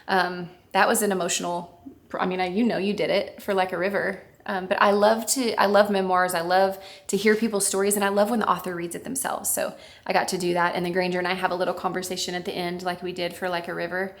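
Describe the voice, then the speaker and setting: A woman's voice: lowish voice, little pitch movement, fast talker. A woman author co-hosting a casual chat, speaking in a heartfelt, reflective way. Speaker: author and co-host.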